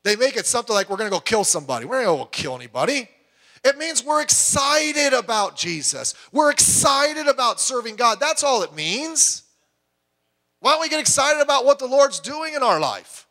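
Man, middle-aged, pastor, high voice, emphatic sermon delivery, loud then hushed. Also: big pitch swings, moderate pace. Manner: emphatic, swings between loud urging and quiet asides.

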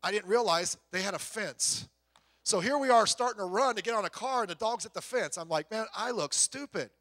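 Casting: middle-aged man preaching a casual, humorous sermon, high bright voice, dry close sound, acts out little voices. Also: brisk, dry recording. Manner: animated storyteller, acts out voices, rising to loud exclamations. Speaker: pastor.

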